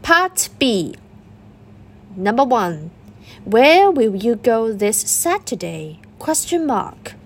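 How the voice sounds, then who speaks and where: A woman reading a school dictation exercise aloud, slowly and deliberately, saying each punctuation mark out loud. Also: a little high, sing-song, breathy edge. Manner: reads punctuation aloud, words spaced and deliberate. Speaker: dictation reader.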